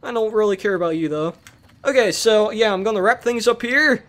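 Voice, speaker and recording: A young man hosting a Let's Play, rambling casually as he plays and bursting into excited shouts. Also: high voice, a little fast. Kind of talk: casual gameplay commentary.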